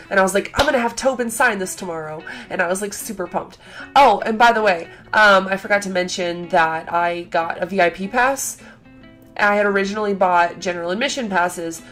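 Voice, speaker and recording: In a laid-back vlog, a young female creator with a fairly low voice excitedly recounts something that happened at a convention, chattering with lots of filler words and performing the quotes.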